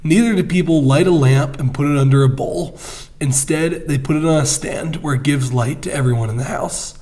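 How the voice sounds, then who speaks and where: Man reading scripture aloud, podcast co-host, higher voice, measured and steady.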